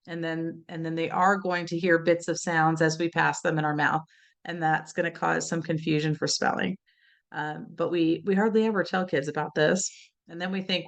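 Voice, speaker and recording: A woman's voice: lowish voice, steady tone, moderate pace. A woman giving an explanatory webinar lecture on spelling, talking conversationally and often checking in with "right?". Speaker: literacy educator presenting a webinar.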